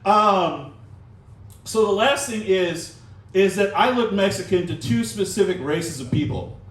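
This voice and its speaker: A man doing a stand-up set with a wry, self-deprecating delivery and filler pauses, into a handheld mic. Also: high-pitched, lively intonation. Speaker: stand-up comedian. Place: small comedy room in a comic shop. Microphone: handheld mic, recorded from the room. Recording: roomy, distant audience recording. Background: audience laughter.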